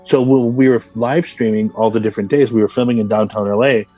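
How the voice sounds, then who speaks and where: Podcast guest, male actor, husky voice, loose rambling anecdotes, faint music underneath. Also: lowish voice, fairly even intonation, fast talker, warm tone, rough recording. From Los Angeles, USA. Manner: rambling anecdotal storytelling with many fillers. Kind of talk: casual podcast interview.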